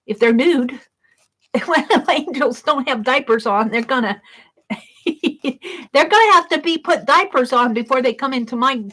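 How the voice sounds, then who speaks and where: Older lady crafting and chatting, slow, giggly, rambles to herself, fairly high voice. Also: animated, fairly bright tone. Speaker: craft vlogger. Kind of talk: casual chat while crafting.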